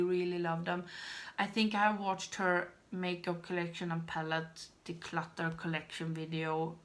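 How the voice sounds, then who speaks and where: A woman's voice: fairly low pitch, a bit bright. A woman in her thirties, a beauty vlogger, chatting to camera in a rambling, self-deprecating, giggly way. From Sweden. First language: Swedish. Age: 30s. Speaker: beauty YouTuber. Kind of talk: casual chat to camera.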